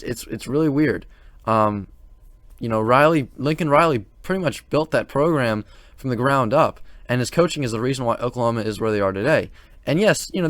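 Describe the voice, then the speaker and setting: Male sports channel host, mid-pitched, casual rambling monologue, dry room. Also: dry recording. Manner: rambling, many fillers and restarts, exasperated.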